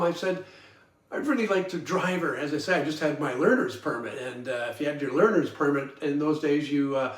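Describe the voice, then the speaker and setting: With a slightly high voice and a brisk pace, a seventies-aged man from Toronto hosts a podcast of rambling, folksy personal storytelling, chuckling often and saying um and uh a lot. Faint guitar plays behind him, and the distant mic leaves the audio roomy.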